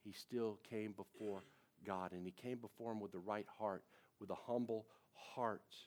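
A man's voice: lowish voice, fairly even intonation, unhurried, a little mellow. A man in his forties, a pastor, preaching a sermon in a casual, conversational way, with frequent asides to the congregation.

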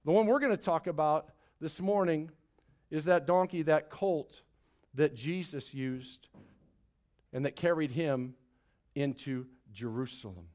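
At a church service, a pastor preaches a Sunday sermon to his congregation with great expression, swinging between loud, drawn-out dramatic emphasis and hushed lines, with big shifts in pitch too. He adds playful asides.

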